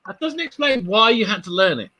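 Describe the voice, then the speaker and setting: A man's voice: high-pitched, animated, a little fast, bright, forceful tone. A man chatting as a guest on an online stream, making dry quips. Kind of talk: casual chat.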